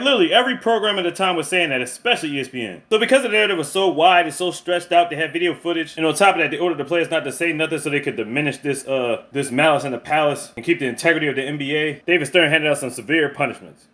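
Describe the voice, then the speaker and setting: A young man recapping a sports documentary in casual, profane chat, acting out his reactions. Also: a little high. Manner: profane, animated, acts out reactions. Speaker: video reviewer.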